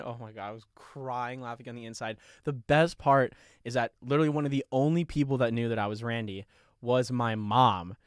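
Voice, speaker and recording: A young man on his podcast retells a story with lively energy, lots of swearing and frequent laughter. His voice is smooth, medium in pitch and brisk. The recording is studio quality, with no room sound.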